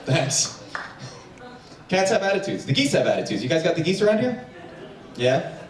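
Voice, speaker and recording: A man from New Jersey doing a stand-up comedy set with quick crowd work on a theater stage. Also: fairly high pitch. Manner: quick crowd work, animated voices for pets. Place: theater stage before a packed house. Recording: echoey stage sound from far off, audience noise.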